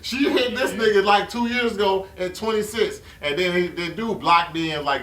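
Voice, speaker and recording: A man's voice: high voice, a little fast, few pauses, a bit bright. A man in a casual podcast chat, talking bluntly and profanely in an offhand way. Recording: roomy, distant mic, faint noise.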